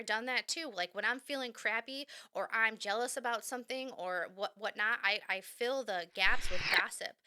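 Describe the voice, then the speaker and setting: A young woman hosts her own podcast in a frank, animated solo talk, sometimes acting out quick quoted voices. Her voice sits a little high and sounds clearly bright. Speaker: podcast host.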